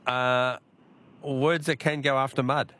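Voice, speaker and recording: A man's voice: medium pitch, level tone, slow, a bit bright. An Australian man hosting a talkback radio quiz, chatting and laughing easily with callers.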